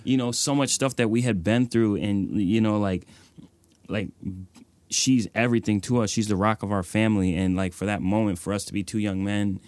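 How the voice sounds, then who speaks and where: Speaking at a normal pace in a lowish, steady, slightly mellow voice with no echo, a young man tells personal stories as an interview guest. He's a nonprofit executive director, reflective and earnest, and he fills his speech with "like" and "you know."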